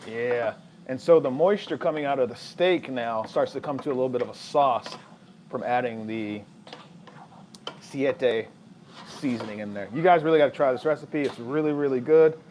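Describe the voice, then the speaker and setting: A man's voice: mid-range voice, moderate pace, a little hiss or hum, rough recording. A young man, chatting casually to viewers as he cooks in his home kitchen. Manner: relaxed, chatty, talks to viewers while cooking. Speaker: family vlogger cooking. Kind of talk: casual cooking vlog chat.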